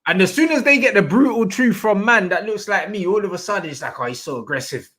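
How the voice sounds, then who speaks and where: Blunt young man with a high voice. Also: fast talker. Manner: blunt, animated, slangy rants. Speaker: host. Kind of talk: casual chat.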